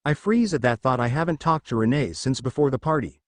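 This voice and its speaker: A man reading a first-person fan fiction audiobook in a lively, expressive way. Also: mid-range voice, brisk, dry recording.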